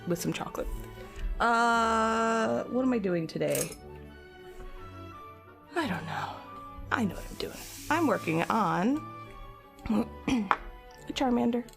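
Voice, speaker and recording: A woman chatting casually with live viewers while she sculpts at her art desk, greeting people by name and dropping into soft mutters now and then. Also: a little high, animated, slow, creaky, long pauses, over music. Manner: drops into soft mutters and whispers. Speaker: streamer. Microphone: camera mic.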